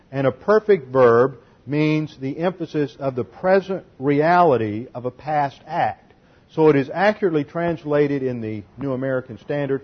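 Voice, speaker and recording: A man preaching a methodical expository sermon, working through Greek grammar point by point. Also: mid-range voice. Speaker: pastor. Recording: dull lo-fi sermon recording.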